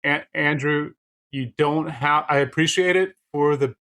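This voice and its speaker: A man co-hosting a casual film podcast, teasing his guests with quick interruptions. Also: fairly high pitch, fairly bright tone. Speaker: podcast co-host.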